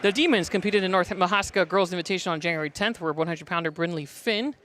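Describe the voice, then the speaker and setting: A man broadcasting a high school wrestling preview, energetic and quick, rattling off stats and names while a little out of breath. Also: noisy background. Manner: energetic, fast-talking, reading stats and names. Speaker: play-by-play broadcaster. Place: top of gym bleachers.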